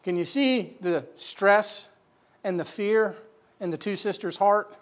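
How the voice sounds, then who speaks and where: A man preaching a sermon, retelling a scripture story vividly with rhetorical questions and swings between loud emphasis and hushed lines. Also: high-pitched, slow. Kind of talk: expository sermon.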